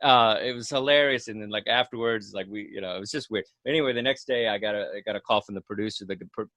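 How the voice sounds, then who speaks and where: Bright-voiced man telling a story. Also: fairly low pitch, fast, dry recording. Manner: animated, rambling, swears freely. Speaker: comedian guest. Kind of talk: casual storytelling on a podcast.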